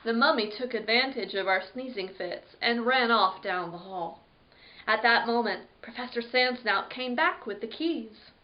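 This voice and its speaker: A woman reads a children's story aloud with dramatic flair, jumping into sudden yelps. Her voice sits a little high, and the recording sounds dull and lo-fi. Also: normal speed. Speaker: library storyteller. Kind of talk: expressive read-aloud story narration.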